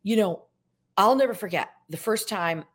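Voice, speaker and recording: A woman in her sixties from upstate New York, a guest actress telling stories in a chatty, animated way on a podcast. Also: medium pitch, moderate pace. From Syracuse, New York. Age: 60s. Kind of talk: casual podcast chat.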